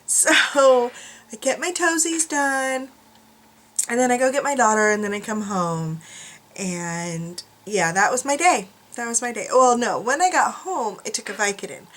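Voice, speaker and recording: A woman's voice: on the high side, measured pace, a bit bright. Chatty, laughing woman vlogger. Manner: chatty, self-mocking, laughs often. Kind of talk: casual chat to camera. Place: room at home.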